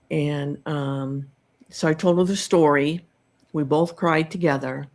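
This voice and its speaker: A middle-aged woman hosting a podcast, telling a personal story in a slow, reflective way with many pauses and ums. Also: deep voice, fairly even intonation, a little mellow. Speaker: podcast host telling her own story.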